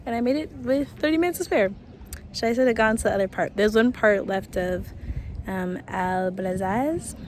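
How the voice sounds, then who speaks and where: A woman's voice: on the high side, a little mellow. Chatty woman vlogging outdoors. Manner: chatty, playful asides to viewers. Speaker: travel vlogger. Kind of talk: casual travel vlog chat. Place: outdoors at a hilltop palace site. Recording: outdoor ambience and passing vehicle noise.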